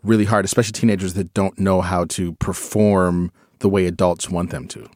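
A man's voice: deep voice, little pitch movement, a little fast, a little mellow, no room sound, clean studio sound. A man co-hosting a podcast, talking casually in a rambling, self-correcting way. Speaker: podcast co-host. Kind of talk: casual chat.

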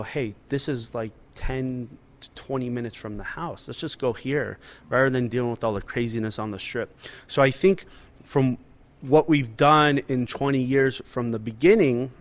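Chatty middle-aged restaurant owner. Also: male voice, medium pitch. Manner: animated, chatty, many fillers and restarts. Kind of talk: casual interview talk.

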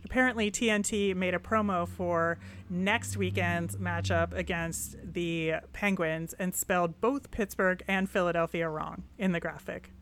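A woman's voice: fairly low pitch, steady tone, a little slow, few pauses, a bit bright, a little hiss or hum. A woman co-hosting a casual sports chat, upbeat and chatty, laughing easily. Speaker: podcast co-host.

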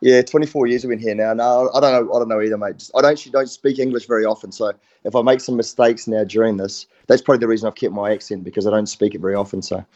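A man's voice: fairly low pitch, fairly even intonation, very fast, hardly any pauses, a little mellow, muffled recording. A middle-aged man with a New Zealand accent, a former rugby player talking casually as a guest, easygoing and full of "mate". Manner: laid-back, says mate a lot. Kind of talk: casual phone interview.

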